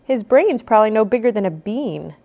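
A woman reading a cautious young boy who sounds blunt and impatient. His voice pitches up high and swings widely between lines. It comes across as a storybook role. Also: lively intonation, brisk, vocal fry, narrow, tinny audio. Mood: matter-of-fact. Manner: blunt, exasperated, urgent.

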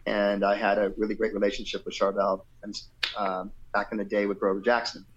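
A man's voice: fairly low pitch, little pitch movement, brisk, dull audio. A middle-aged man, a guest musician, telling a loose anecdotal story in an interview and acting out the quotes.

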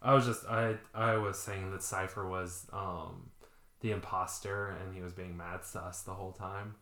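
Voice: low voice, steady tone, moderate pace, fairly bright tone. A playful podcast co-host in a casual chat, joking around and swearing freely. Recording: roomy echo.

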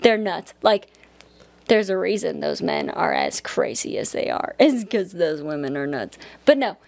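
A woman's voice: fairly low pitch, very animated, measured pace, vocal fry, darkish tone. A young woman from Colorado, co-hosting a podcast in casual chat, blunt and profane, telling stories with mimicked voices. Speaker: podcast co-host.

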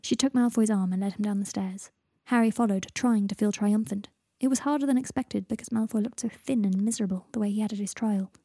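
A woman reading a story aloud as narrator, steady and measured. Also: medium pitch, husky, no room sound, clean studio sound. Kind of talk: audiobook reading of fan fiction.

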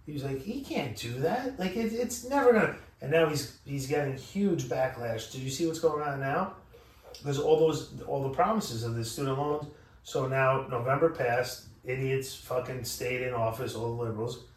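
Profane, animated man in echoey room. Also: medium pitch, normal speed. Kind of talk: casual podcast chat. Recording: echoey room, mic at a distance.

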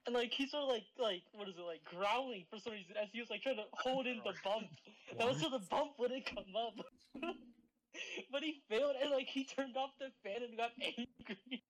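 A man's voice: extremely high pitch, moderate pace, fairly bright tone, poor audio. Rambling young man telling a story. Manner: rambling, full of "like" and laughter. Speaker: podcast co-host. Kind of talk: casual storytelling among friends.

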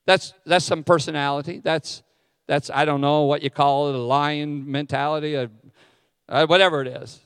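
A man's voice: fairly high pitch, steady tone, moderate pace, smooth, studio quality. A middle-aged man preaching a sermon as a pastor, candid and self-deprecating in his asides. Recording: long hall reverb.

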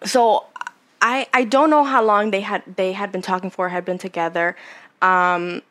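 A woman's voice: medium pitch, fairly even intonation, moderate pace, fairly bright tone. A young woman in her twenties chatting casually on a podcast, candid and rambling, swearing freely as she tells a personal story. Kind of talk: casual chat.

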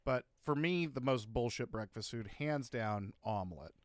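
A man co-hosting a casual comedy podcast, ranting emphatically with profanity and sudden loud bursts. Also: medium pitch, animated, moderate pace, no echo. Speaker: podcast co-host.

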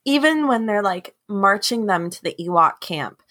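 A woman co-hosting a podcast, chatting casually about a movie, animated and laughing often. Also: mid-range voice, normal speed, dry recording, clean studio sound. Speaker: podcast co-host. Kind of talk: casual chat recapping a movie.

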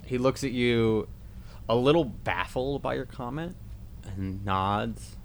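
A man's voice: medium pitch, takes it slowly, slight background noise. A man running a tabletop game as game master, describing scenes casually with lots of "like". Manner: casual, rambling with fillers.

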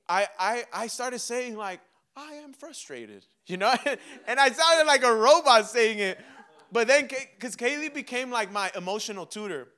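A young man preaching a sermon, animated and humorous, acting out little dialogues with himself and God. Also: sits high. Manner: mixes laughter and humor into preaching. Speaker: pastor.

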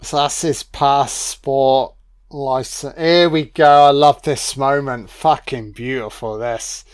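Drunk, slow-talking man. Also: medium pitch, clear, resonant tone, no room sound, studio quality. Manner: rambling, sweary, excitable. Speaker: film commentator. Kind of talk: audio commentary over a film.

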